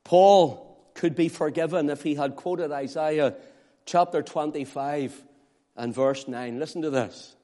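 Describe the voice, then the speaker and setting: A man preaching a sermon, swinging between loud, pleading appeals and hushed, quiet asides. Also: a little high, a little slow. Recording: long hall reverb.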